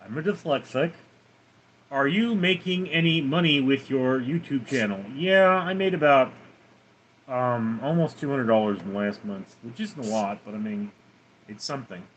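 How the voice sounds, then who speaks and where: A man's voice: medium pitch, expressive, normal speed, a bit bright, slight background noise. A man live-streaming from home with his cats, reading viewer comments aloud and answering them offhandedly. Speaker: livestreamer reading chat. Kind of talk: casual live-stream chat.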